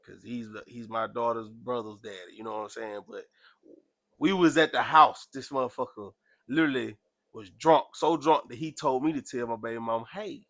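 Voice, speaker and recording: A man chatting casually, telling a story with animated, loud acted-out quotes. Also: normal speed, no room sound. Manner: animated, acts out quotes with sudden loud jumps in pitch. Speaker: podcast host.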